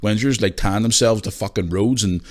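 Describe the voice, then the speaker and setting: A man's voice: lowish voice, normal speed. A man hosting a podcast, ranting his opinions in a blunt, sweary, casual way. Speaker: podcast host.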